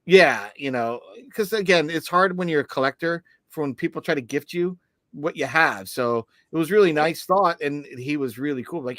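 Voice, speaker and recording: A man's voice: on the high side, moderate pace, a bit bright, no room sound, studio quality. A man co-hosting a podcast, telling a long story in casual chat with lots of restarts. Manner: rambling storyteller, many restarts. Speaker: podcast co-host.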